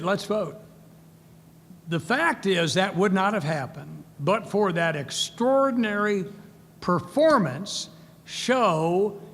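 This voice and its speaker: A man's voice: high-pitched, a bit bright. An older man giving a speech as keynote speaker, telling stories and acting out the voices of people he quotes. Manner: storytelling, acts out quoted voices. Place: large event hall. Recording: long hall reverb, faint ambience.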